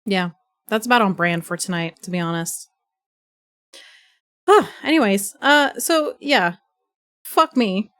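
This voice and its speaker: A young woman livestreaming, telling a chaotic story in a rambling, profane, animated way, with a stuffy nose from sneezing. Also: medium pitch, slow, pauses often. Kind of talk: casual chat.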